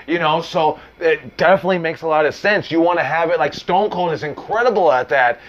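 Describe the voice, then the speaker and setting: A man in the role of a wrestling coach, talking students through promos in a loose, rambling way with plenty of fillers and restarts. His voice sits fairly high for a man, and the recording sounds dull and lo-fi. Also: fairly quick, fairly bright tone. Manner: uses mild profanity. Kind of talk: casual instructional talk.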